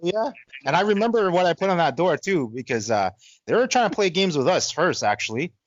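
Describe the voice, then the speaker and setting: A man's voice: a little high, very animated, a little fast, highs cut off. A man co-hosting a podcast, telling a profane story and quoting friends in dialogue. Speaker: podcast co-host. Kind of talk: casual storytelling chat.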